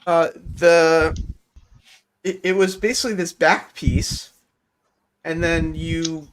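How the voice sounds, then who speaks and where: A man's voice: on the high side, slow. A man hosting a livestream, talking casually and joking while he works on a model kit. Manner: relaxed, joking, thinking aloud while working.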